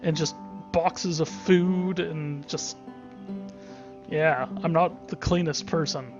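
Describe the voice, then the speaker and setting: A man's voice: fairly high pitch, steady tone, slow pace, lo-fi sound, music in the background. A man giving casual let's-play commentary, rambling and thinking aloud with many restarts.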